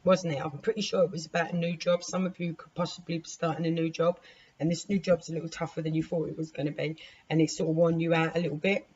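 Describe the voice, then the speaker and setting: A woman with a sore, hoarse throat gives a casual tarot reading, chatty and swearing lightly as she talks to her cards. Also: low-pitched, steady tone, quick pace, a little mellow. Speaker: tarot reader. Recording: muffled recording with clear background noise.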